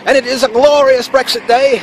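Comic bit: man doing a high, sing-song, mock-posh Brit, pompous and over the top. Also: steady tone, brisk, background noise. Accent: put-on British. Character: mock-posh cheery British gentleman.

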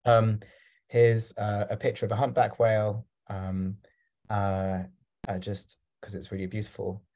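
Mellow-voiced man, rambling with fillers. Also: lowish voice, completely flat delivery, a little slow. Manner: rambling, hesitant, with many fillers. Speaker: guest speaker. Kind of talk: talk given over video call. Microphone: video call.

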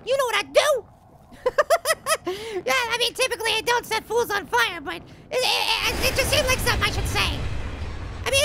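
A woman's voice: extremely high pitch, creaky. A woman commentating her gameplay in a bubbly, giggly way, often exclaiming at surprises. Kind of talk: gaming let's play commentary. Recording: noisy home recording.

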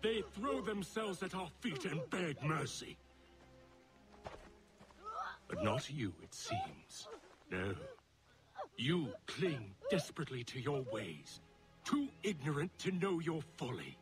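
An actor playing a cold, contemptuous colonial commander in a video game cutscene, speaking in a measured, menacing, condescending way. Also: male voice, fairly high pitch, wildly swooping pitch, over music. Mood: contemptuous threat.

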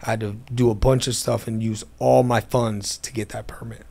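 A man's voice: on the low side, moderate pace, creaky. A man telling his business story in a casual interview, acting out the voices of people in it, recorded in an airplane hangar. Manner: animated, acts out quoted dialogue.

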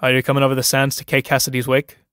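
A man's voice: mid-range voice, completely flat delivery, very fast, a bit bright, clean tone, dry recording, studio quality, close to an everyday voice. A man reading a play aloud, voicing a fat, good-humoured middle-aged tavern keeper. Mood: jovial.

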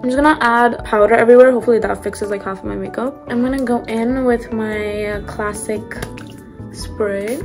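A young adult woman chats through her makeup at normal speed in a slightly high voice with fairly even intonation, music in the background. The vlog is upbeat and filler-heavy, and she's slightly losing her voice.

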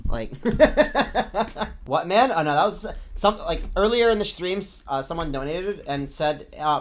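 A young man streaming a game, chatting casually, laughing a lot, swearing and shouting at the game. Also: on the high side, moderate pace. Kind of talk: casual live-stream chat while gaming.

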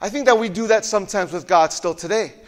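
A male pastor delivering a sermon in a church auditorium, telling the story animatedly and often doubling back on his words. His voice sits high and carries a long hall reverb. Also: fast talker. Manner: animated storytelling with frequent word repeats.

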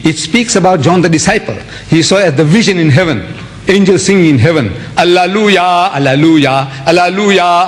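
A man's voice: on the high side, a little hiss or hum. A man from India, giving a theatrical public religious lecture, spelling out words and mimicking others.

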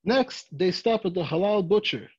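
A volunteer reading a children's picture book aloud, gently and expressively, lifting the voice for quoted greetings, on a dull lo-fi home recording. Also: medium pitch, lively intonation, normal speed, husky. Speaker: volunteer story reader.

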